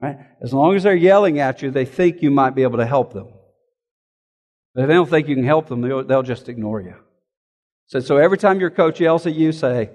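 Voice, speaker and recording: A man's voice: medium pitch, brisk, a little mellow, big-room sound. A man, a pastor, preaching a sermon in an earnest, emphatic way, often asking rhetorical questions.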